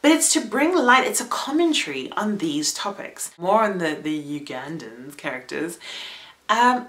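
Bright-voiced woman reviewing a show. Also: mid-range voice. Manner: chatty, laughs often between words. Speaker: theatre reviewer. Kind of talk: casual spoken review.

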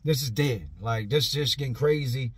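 Husky man telling a rowdy story. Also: medium pitch, normal speed, no echo. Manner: animated, profane, conversational storyteller. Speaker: vlogger telling prison stories. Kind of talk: casual storytelling.

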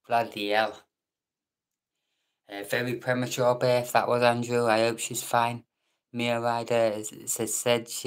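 A man's voice: mid-range voice, clear, resonant tone. Bantering British man hosting a live chat. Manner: joking banter, reading out viewer names, some whispered asides. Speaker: live stream chat host. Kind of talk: casual live stream chat. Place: room at home at night.

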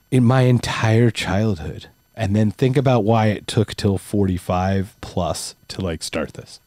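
A man's voice: on the low side, measured pace, few pauses, darkish tone, dry recording, clean studio sound. A man in his forties co-hosting a podcast, telling a family story in casual chat, laughing often and swearing freely. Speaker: podcast co-host.

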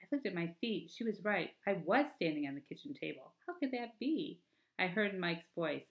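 A woman teacher reading a children's novel aloud to her class, expressive, with chatty asides to her listeners. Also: lowish voice, moderate pace.

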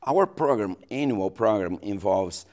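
Pastor, male, Brazilian Portuguese accent, very low voice, halting interview speech. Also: expressive, a little mellow. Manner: hesitant, many restarts and fillers. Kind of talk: local TV interview.

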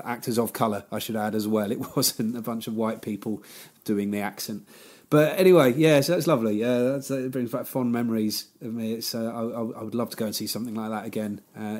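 A man talks loosely and chattily as a podcast host, wandering between thoughts and laughing often. His voice sits at an ordinary middle pitch for a man in his thirties, with fillers and restarts scattered through his speech. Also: darkish tone. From Britain. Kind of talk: casual podcast outro chat.

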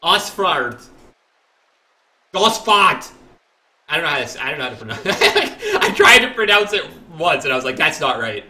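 A man's voice: fairly high pitch, fast, few pauses. A young man streaming a classic game live, rambling, joking and mocking himself as he plays. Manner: animated, rambling, jokey, self-mocking. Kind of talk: live gameplay commentary.

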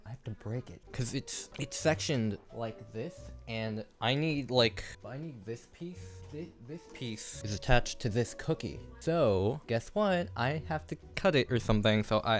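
Flustered young man with lively pitch. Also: normal speed, soft background music. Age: young adult. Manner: flustered, self-mocking, swears often. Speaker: YouTuber. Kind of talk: casual vlog commentary while building. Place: home kitchen. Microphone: phone camera.

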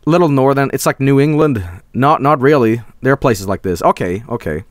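A Swedish man, a native Swedish speaker from Sweden, streaming a game live with excitable, profane commentary and frequent laughter. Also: medium pitch, normal speed, dry recording.

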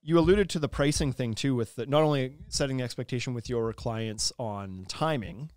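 A man's voice: mid-range voice, a little mellow, dry recording. A man co-hosting a podcast, rambling through his points with lots of restarts and filler words. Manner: quick, rambling, many "like"s and restarts. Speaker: podcast co-host. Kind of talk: casual podcast chat.

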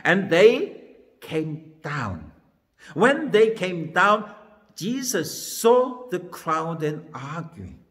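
A man's voice: a little high, very animated, a bit bright, in a large hall. A man serving as minister, reading a Bible passage aloud and then retelling it in a sermon. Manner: slow, careful reading then plain retelling. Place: church.

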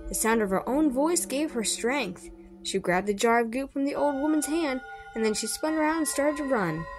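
A woman's voice: sits high, lively intonation, normal speed, soft background music. A woman reading a children's horror story aloud expressively, with small slips and rereads. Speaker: storybook reader.

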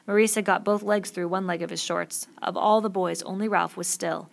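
A woman reading a novel aloud with steady, expressive storytelling. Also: fairly low pitch, moderate pace, gravelly. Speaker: audiobook reader.

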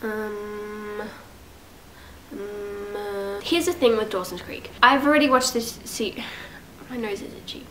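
A woman's voice: mid-range voice, takes it slowly, bright, forceful tone, slight background noise, low-quality recording. Congested young woman rambling to camera. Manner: rambling, self-mocking, chatty. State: congested with a cold. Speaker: vlogger. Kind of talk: casual rambling chat to camera. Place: at home. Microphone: camera set up at home.

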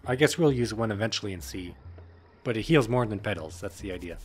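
A man's voice: lowish voice, a little fast. A man giving casual, chatty commentary while playing a game, with wry asides about what is on screen. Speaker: let's play gamer. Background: game music.

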